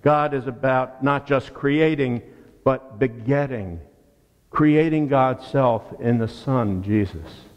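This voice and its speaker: A man preaching a sermon as pastor, deliberate and emphatic, with rhetorical questions and repeated words. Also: medium pitch, muffled recording. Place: church sanctuary. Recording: long church reverb.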